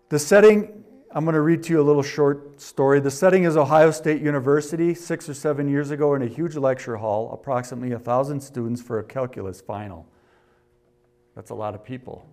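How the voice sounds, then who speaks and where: A middle-aged man preaching a sermon. He reads a story aloud, rises in volume for scripture, and drops low for asides. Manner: varies loudness a lot, rising for scripture and dropping for asides. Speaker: pastor.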